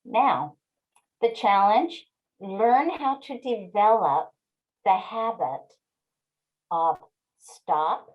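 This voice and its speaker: A woman in her sixties giving a webinar talk, telling a family story in an expressive way and speaking straight to her audience. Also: mid-range voice, muffled recording. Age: 60s. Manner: slow, expressive storyteller who addresses the audience directly.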